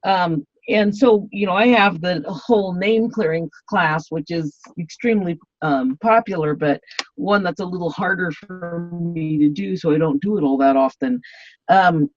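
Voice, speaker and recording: A woman's voice: lowish voice, normal speed, no room sound. A woman guest in an interview, talking in a rambling way with many fillers and restarts. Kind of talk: casual interview talk. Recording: dull, dry lo-fi sound.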